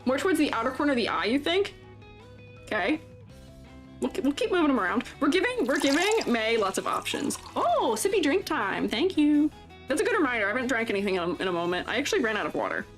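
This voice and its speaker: A fairly high-voiced woman streaming live, with a lively voice that bounces up and down as she chats. She giggles often and teases her chat playfully. Soft music plays faintly behind her. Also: fast talker. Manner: giggly, chatty, reads viewer comments aloud. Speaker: streamer reviewing avatar designs. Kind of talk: casual live-stream chat while drawing. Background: faint background music.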